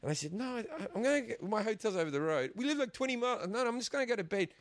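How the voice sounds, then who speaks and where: A middle-aged Australian comedian telling stories in a casual chat, animated and quick to laugh, acting out other people's lines. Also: male voice, high-pitched, dry recording. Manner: animated, acts out quotes in put-on voices, laughs often. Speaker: guest comedian. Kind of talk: casual storytelling.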